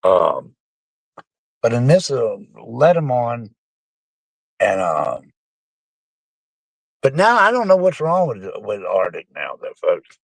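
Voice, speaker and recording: A man's voice: mid-range voice, huge pitch swings, slow pace, gravelly, long pauses, no echo. A middle-aged man, rambling casually and profanely to his live-stream chat, calling them folks.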